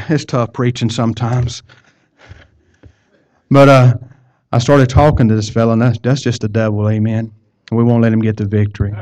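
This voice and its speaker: A pastor with a mid-range, somewhat mellow voice preaches a sermon, sharing a personal story in a folksy way and repeating words as he goes. The recording has a dull, lo-fi quality.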